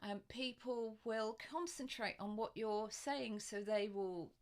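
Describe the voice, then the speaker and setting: A woman's voice: a little high, slow pace. A woman voice coach giving a casual video tutorial, chatty, with frequent ums and light laughs. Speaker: voice and presence coach.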